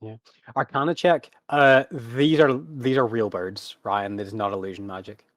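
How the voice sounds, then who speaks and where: Hesitant game master narrating, dry sound. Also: male voice, medium pitch, fairly even intonation, normal speed, dry recording. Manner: hesitant, full of ums and restarts. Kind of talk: improvised tabletop narration.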